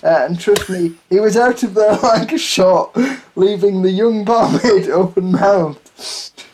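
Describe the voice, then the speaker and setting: A man's voice: sits high, takes it slowly, a little mellow, slight background noise. A man reading a listener's story aloud on a comedy podcast, laughing at it as he goes. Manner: giggly, keeps breaking into laughter.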